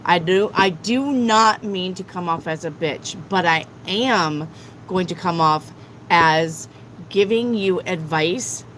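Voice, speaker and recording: A woman's voice: on the low side, slow pace, a bit bright, a little hiss or hum, low-quality recording. A woman tarot reader on a live stream, lecturing her viewers bluntly and swearing often.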